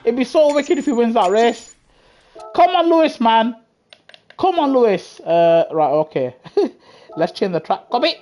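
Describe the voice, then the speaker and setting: A man's voice: extremely high pitch, lively intonation, normal speed, a little mellow. A man streaming a racing game live, chatting to viewers casually in slang and repeating himself. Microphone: gaming headset.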